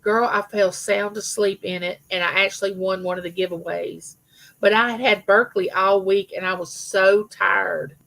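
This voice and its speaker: A woman's voice: mid-range voice, fairly even intonation, normal speed, gravelly, fairly bright tone, rough recording. A middle-aged woman hosting a casual live chat with her viewers, telling rambling personal stories. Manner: chatty, rambling storyteller, greets viewers by name. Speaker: livestream host.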